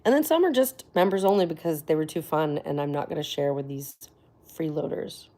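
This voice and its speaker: Chatty woman livestreamer with low pitch. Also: brisk, warm tone. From Florida. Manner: chatty, laughs often, drops to near whispers. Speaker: livestream host. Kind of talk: casual livestream chat with viewers.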